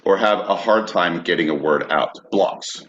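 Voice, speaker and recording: Man, very deep voice, reads steadily, dull lo-fi recording. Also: measured pace, a crowd in the background. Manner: steady reading, stumbles on words. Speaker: podcast co-host. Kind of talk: reading from a prepared text.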